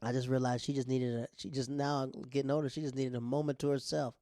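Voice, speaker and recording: A man's voice: mid-range voice, level tone, quick pace, mellow, no echo, studio quality. Laughing man telling family stories. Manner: laughs often while telling, acts out family members' voices. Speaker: stand-up comedian, podcast host. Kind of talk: casual storytelling monologue.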